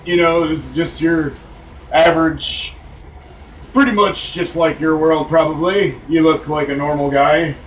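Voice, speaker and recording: A man's voice: on the high side, steady tone, a little slow, far from the mic, slight background noise, close to an everyday voice. A man voicing a jolly adult male pirate, in rambling, casual pirate talk. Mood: jovial.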